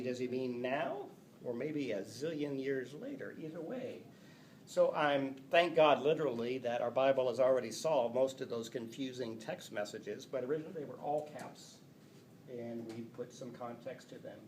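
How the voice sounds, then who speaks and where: A man teaching a class, lively and playful, reading example sentences aloud. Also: medium pitch, moderate pace, slight background noise. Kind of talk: classroom lecture. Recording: echoey classroom from a distance.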